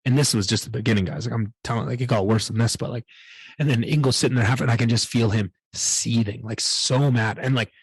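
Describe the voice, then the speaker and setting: Fast-talking husky man telling a story. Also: medium pitch, no echo. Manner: rambling, candid, swears a lot. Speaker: podcast host. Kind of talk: solo podcast, personal story.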